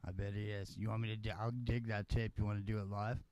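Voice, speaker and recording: A man's voice: lowish voice, flat delivery, quick pace, darkish tone, smooth, dull audio. A man chatting casually as a podcast co-host, laid-back and slangy. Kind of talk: casual chat.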